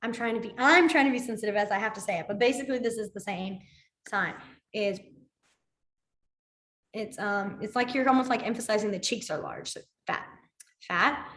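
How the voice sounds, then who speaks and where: A woman's voice: medium pitch, brisk, long pauses, fairly bright tone. A woman teaching a beginner sign language class, explaining signs in a chatty, rambling way with many fillers and side stories. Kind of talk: casual spoken class instruction. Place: library classroom. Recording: echoey room.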